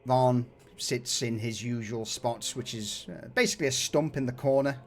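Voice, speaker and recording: A man running a tabletop game as game master, narrating scenes in a relaxed, descriptive way with frequent fillers. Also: medium pitch, normal speed, soft background music.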